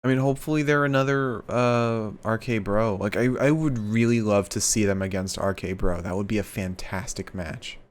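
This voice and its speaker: A young man co-hosting a podcast, chatting casually through a wrestling recap and acting out the quotes with animated put-on voices. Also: fairly low pitch, normal speed, hardly any pauses. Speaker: podcast co-host.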